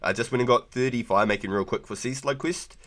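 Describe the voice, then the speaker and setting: A man's voice: mid-range voice, fast, fairly bright tone. A man live-streaming a game, chatting loosely with viewers, laughing often and swearing freely. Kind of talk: casual live gaming stream chat.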